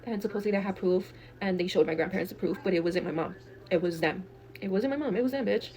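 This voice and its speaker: The young woman from Texas has a mid-range voice and a fast delivery as she shares an outrageous family story. As a guest storyteller, she is profane and lively, acting out what people said.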